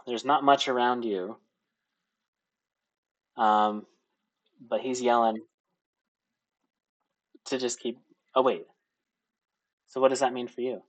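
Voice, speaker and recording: A man's voice: mid-range voice, steady tone, takes it slowly, pauses often. Laid-back young man running a tabletop game. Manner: casual, laughing often, filler-heavy. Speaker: game master.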